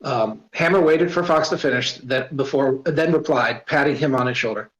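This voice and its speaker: A man's voice: fairly high pitch, lively intonation, fairly quick. A man reading his own story aloud, casual, stopping to add asides and apologies. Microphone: voice-chat mic. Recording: roomy, dull voice-chat audio.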